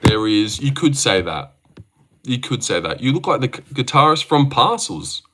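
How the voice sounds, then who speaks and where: A man's voice: mid-range voice, sing-song, moderate pace, noisy background. A young man hosting a casual livestream, reading viewer comments aloud and bantering back in a joking way. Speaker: livestream host. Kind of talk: casual live-stream chat.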